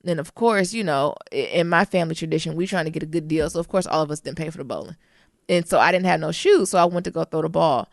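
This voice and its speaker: A woman with a fairly low voice co-hosting a casual podcast. She teases playfully and acts out the people in her stories. The recording is dry and close. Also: quick pace, no echo. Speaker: podcast co-host. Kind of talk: casual chat.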